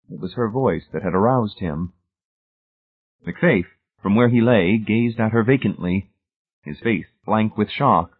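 A man reading an audiobook in a steady, measured narration, recorded with a tinny phone-like sound. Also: low-pitched, breathy edge.

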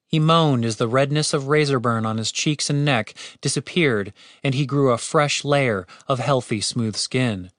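A man narrating a comedic fantasy story with expressive, animated storytelling. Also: mid-range voice, no room sound, clean studio sound.

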